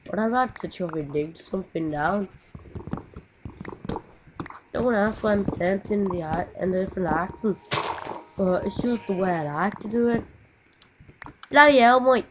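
A woman's voice: medium pitch, animated, moderate pace, pauses often. A woman, giving rambling, swear-heavy casual commentary while playing a game. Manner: rambling, swears often, sings to herself. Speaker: gaming video creator. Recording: muffled noisy home mic.

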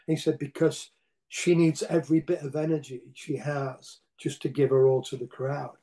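An older man telling casual, rambling stories as an interview guest, with frequent restarts. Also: on the high side. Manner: rambling, animated anecdotes with repeated restarts. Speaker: interview guest, rock singer. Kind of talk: casual storytelling.

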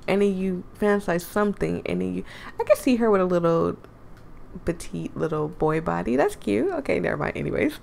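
A woman's voice: on the low side, expressive, brisk, creaky, darkish tone, slight background noise. A young woman hosting a casual game playthrough, chatting, giggling and rambling in asides. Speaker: gaming channel host. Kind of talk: casual let's-play commentary.

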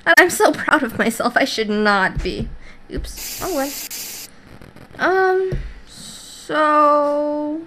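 Goofy high-voiced woman gamer. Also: very slow, long pauses, a bit bright, a little hiss or hum, poor audio. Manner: goofy, playful, hums silly sound noises. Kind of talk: let's play commentary. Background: game music.

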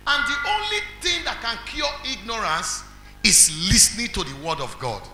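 A man with a Nigerian accent preaching a sermon as pastor, quizzing the congregation and building to shouts. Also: extremely high pitch, wildly swooping pitch, normal speed. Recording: echoey hall with faint music.

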